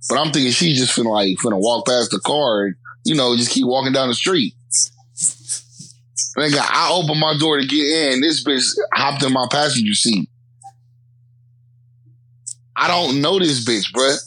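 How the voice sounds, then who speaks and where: A man hosting a casual podcast, telling a story in an animated, slangy way with a lot of swearing. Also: mid-range voice, normal speed, pauses often, breathy edge, no echo, poor audio. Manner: animated, slangy, lots of profanity.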